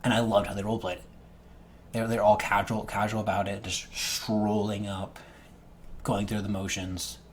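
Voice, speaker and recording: A man with a low voice speaks casually about running his games. He restarts often, doubling words as he searches for the next phrase. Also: little pitch movement, normal speed, a little hiss or hum. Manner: stammering restarts, repeated words. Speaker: game master. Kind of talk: casual talk to camera.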